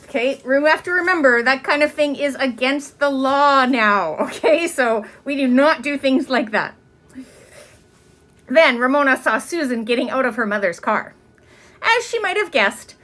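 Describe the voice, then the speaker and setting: A woman's voice: high-pitched, lively intonation, normal speed, a bit bright. A woman reading a children's book aloud, with chatty asides to young listeners.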